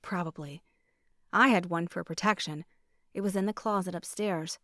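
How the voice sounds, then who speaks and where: A woman narrating a romance audiobook in a measured, expressive reading voice. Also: fairly low pitch, dry recording, studio quality.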